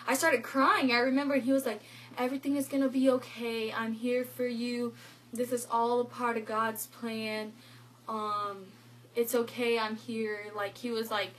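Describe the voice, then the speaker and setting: Poor audio with a slight hiss or hum captures a teen girl vlogging her own story. She speaks at a medium pitch, retelling conversations in lively quoted lines and using "like" constantly.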